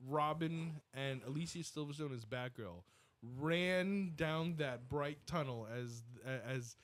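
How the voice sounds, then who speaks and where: A man's voice: fairly high pitch, slow. A man hosting a podcast in casual chat, drawing out words for emphasis. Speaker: podcast host.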